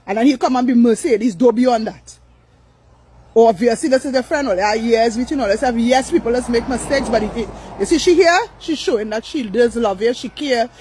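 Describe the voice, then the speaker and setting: A woman's voice: fairly high pitch, lively intonation, fairly quick, a little mellow, husky, low-quality recording. An older woman, ranting on a live stream, blunt, profane and repetitive. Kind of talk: angry live-stream rant.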